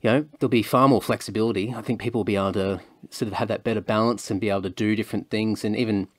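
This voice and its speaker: A man's voice: lowish voice, fairly even intonation, very fast, dry recording, clean studio sound. A man hosting a podcast, chatting casually and hedging with lots of fillers. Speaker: podcast host. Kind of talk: casual chat.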